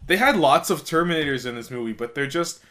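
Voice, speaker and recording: A young man co-hosting a relaxed podcast chat, rambling casually and mimicking scenes. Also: fairly high pitch, fast, a little hiss or hum. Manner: relaxed, says like a lot, mimics lines. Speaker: podcast co-host.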